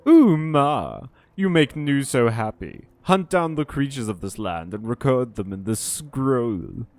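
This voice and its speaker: A man's voice: mid-range voice, animated, a little slow, a little mellow. A man voicing an eager, odd female bug creature who gushes in broken grammar. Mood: gushing.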